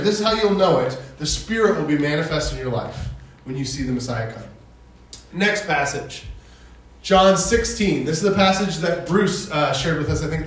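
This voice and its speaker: A man's voice: sits high, a bit bright. A man preaching a sermon, reading scripture and retelling it in a loose, conversational way. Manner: conversational, paraphrases scripture in casual voices. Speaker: pastor. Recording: echoey hall from far off.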